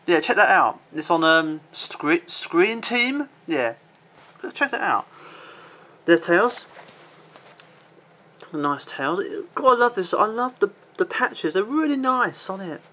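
High-voiced rambling man. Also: very animated, unhurried, long pauses, bright, forceful tone. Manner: rambling, many fillers, swears at his pet. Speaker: vlogger. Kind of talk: casual show-and-tell vlog.

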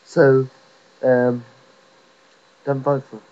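A man's voice: mid-range voice, flat delivery, slow pace, dull audio. A man ranting to camera in a rambling, sweary, mocking way. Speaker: vlogger. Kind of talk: profane rant to camera.

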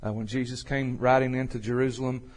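A man's voice: medium pitch, flat delivery. Folksy preaching pastor, man. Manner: folksy, swells louder and slower on scripture. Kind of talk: sermon.

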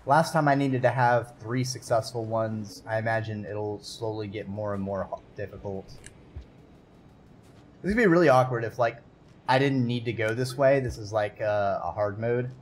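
His voice runs on the low side at a moderate pace as he streams a game. In casual, excitable commentary aimed at himself and his viewers, he swears and yelps at whatever unfolds on screen.

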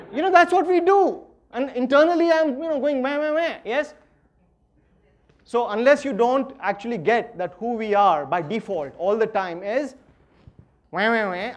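This workshop lecturer, a middle-aged man with an Indian English accent, has a very high-pitched voice. His talk is playful and energetic, shifting from loud, emphatic points to hushed side comments.

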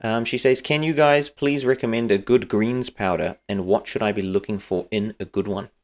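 A man's voice: lowish voice, steady tone. Joking New Zealand man co-hosting. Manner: jokey, rattles off plugs quickly. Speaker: podcast co-host. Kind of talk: casual chat.

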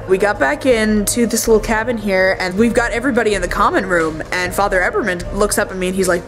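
A woman's voice: medium pitch, quick pace, few pauses, over music. A young woman vlogger telling a story in a casual, joking way, playfully acting out the people she quotes. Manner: lively, quotes people in put-on voices; jokey and self-mocking. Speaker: LARP vlogger.

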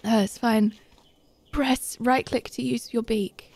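A woman with a high, bright voice chats through a live game stream, bursting into excited giggles and squeals. Her voice is recorded close and dry on a desk mic, with no room echo. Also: slow, creaky. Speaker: Twitch streamer.

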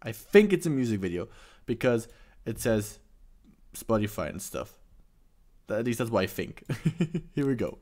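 A man's voice: mid-range voice, big pitch swings, normal speed, pauses often, darkish tone. A man hosting a reaction video, chatting casually with lots of fillers and restarts. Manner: hesitant, many fillers and restarts.

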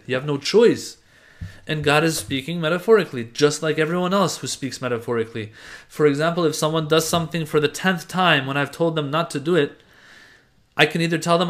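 A middle-aged man teaching a religious class, explaining a text with lively emphasis, rhetorical questions and everyday examples. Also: on the high side. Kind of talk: explanatory lecture reading from a text.

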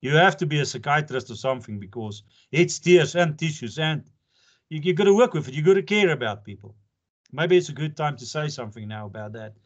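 A man's voice: a little high, lively intonation, a little fast. An older man from South Africa, an advocate giving an informal lecture to pupils, earnest and jokey, laughing often. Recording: dull lo-fi lecture recording.

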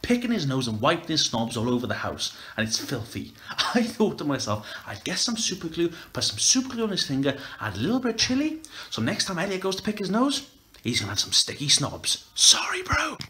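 A man's voice: fairly high pitch, big pitch swings, brisk, fairly bright tone. A young man with a British accent hosting a casual prank comedy video, laughing and exasperated. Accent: British English. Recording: noisy handheld camera audio.

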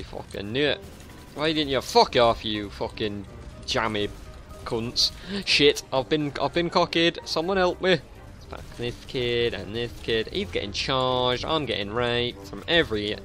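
A drunk young man giving rambling, profane commentary as he plays a video game, now and then breaking into sudden yells. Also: mid-range voice. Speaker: gaming channel host.

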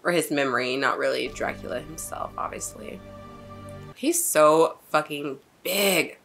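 A woman hosting a casual reaction video, expressive and swearing freely as she reacts. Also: low-pitched, a little slow, vocal fry, soft background music. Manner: expressive, swears, laughs often.

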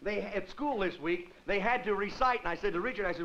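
A man's voice: high-pitched, a little fast, pauses often, a bit bright. A male comedian hosting a TV variety show, rambling goofily through a monologue and tripping over his words on purpose, on a dull, hissy 1950s broadcast. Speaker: comedian host.

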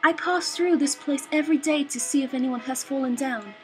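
A woman voicing a gentle, motherly goat caretaker in a video game, in a put-on English accent. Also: high voice, a little fast, soft background music, close to an everyday voice. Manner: soft, formal and kindly.

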